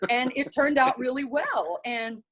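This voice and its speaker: Lively Southern woman telling stories. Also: high voice, unhurried. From North Carolina. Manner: animated storyteller acting out quoted voices. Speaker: guest, television writer and presenter. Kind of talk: casual interview storytelling.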